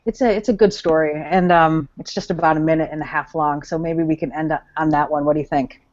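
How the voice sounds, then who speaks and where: A woman co-hosting a podcast, chatting casually with halting, hesitant phrasing. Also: deep voice, steady tone, darkish tone, muffled recording. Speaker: podcast co-host. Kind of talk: casual chat.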